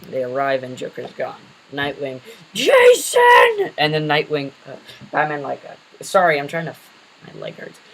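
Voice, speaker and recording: A man's voice: mid-range voice, very animated, normal speed, creaky, a bit bright, a little hiss or hum, poor audio. A man casually retelling an invented superhero story, rambling with many fillers and self-corrections.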